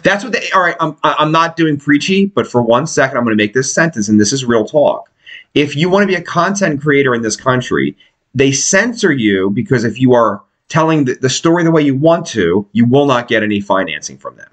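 A man co-hosting a podcast in casual, profane chat, animated and quick to mimic other people's voices. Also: medium pitch. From United States. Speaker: podcast co-host.

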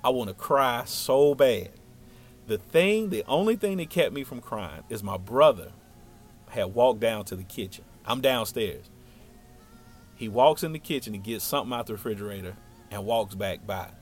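Animated young man telling a story. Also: medium pitch, normal speed, soft background music. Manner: animated, slangy, acts out dialogue. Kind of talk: casual comic storytelling.

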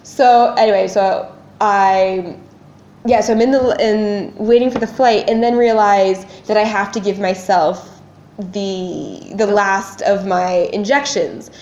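A woman's voice: medium pitch, steady tone, slow, darkish tone, slight background noise. A woman co-hosting a podcast, telling a story in casual chat and acting out her own panic. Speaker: podcast co-host. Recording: echoey room, dull lo-fi sound.

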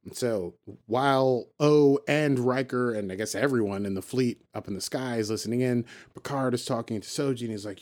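A man's voice: medium pitch, moderate pace, few pauses. A man hosting a casual podcast, recapping an episode and acting out the characters' lines as he goes.

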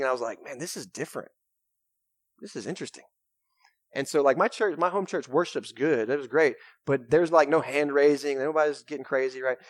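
A young man, preaching a sermon in a casual, energetic way with lots of "right?" and "man". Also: fairly high pitch, no echo. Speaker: pastor. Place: church sanctuary.

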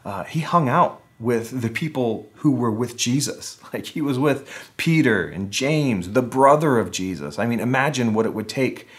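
A man's voice: medium pitch, lively intonation, normal speed, few pauses. A man preaching a casual, conversational sermon online, with wry humor, acting out the voices he quotes. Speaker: pastor.

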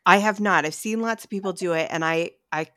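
A woman's voice: on the low side, brisk, pushed and bright, dry recording, studio quality. A woman hosting a casual chat, an attentive listener who often murmurs agreement. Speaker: podcast host.

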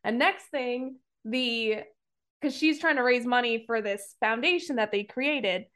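A woman's voice: on the high side, a little slow, a bit bright. A woman on a podcast retelling a movie plot in casual chat, rambling with lots of fillers and some swearing. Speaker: podcast co-host reviewing a movie.

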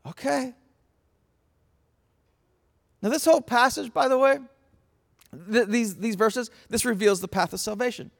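High-voiced impassioned male preacher. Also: unhurried, vocal fry, pauses often. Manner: passionate, swings from hushed to shouting. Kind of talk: sermon. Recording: long reverb in a large hall.

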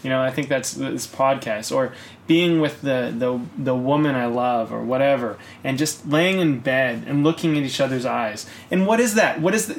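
A man co-hosting a podcast, ranting in casual chat, swearing often and rising into loud bursts. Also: medium pitch, slight background noise. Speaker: podcast co-host.

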